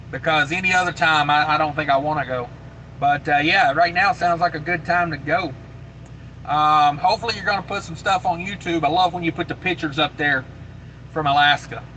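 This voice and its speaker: A man's voice: fairly high pitch, bright, forceful tone, slight background noise, rough recording. A man hosting a trucker livestream, chatting casually and reading viewer comments aloud. He talks in a laid-back, rambling way, with lots of fillers and repeated phrases.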